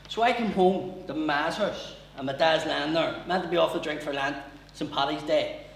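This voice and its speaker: Stand-up storyteller, swears freely; distant mic, echoey room, faint ambience. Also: male voice, fairly high pitch, gravelly, fairly bright tone, a little hiss or hum. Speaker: comedian. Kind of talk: stand-up comedy. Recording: echoey room heard from far off.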